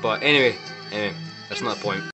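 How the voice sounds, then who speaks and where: A man's voice: fairly low pitch, fast, over music. A man giving casual, wry commentary on film mistakes over clips, with sarcastic asides. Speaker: movie mistake reviewer.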